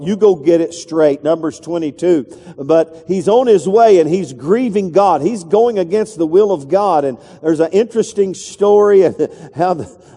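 A man's voice: sits high, warm tone, in a large hall. A male pastor preaching a sermon in a loose, conversational way, with restarts and asides to the congregation.

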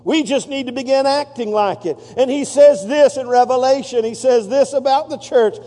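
A man's voice: very high-pitched, moderate pace, warm tone. A male pastor preaching a sermon, calling on the congregation to answer back and repeat after him. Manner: preaching with call-and-response to the congregation. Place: church sanctuary. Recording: long reverb of a large hall.

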